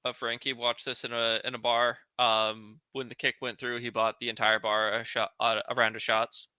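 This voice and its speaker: Bright-voiced laid-back sports podcaster. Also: male voice, medium pitch, flat delivery, normal speed, clean tone, no echo, highs cut off. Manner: laid-back, jokey, swears casually. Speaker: podcast co-host. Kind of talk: casual sports chat.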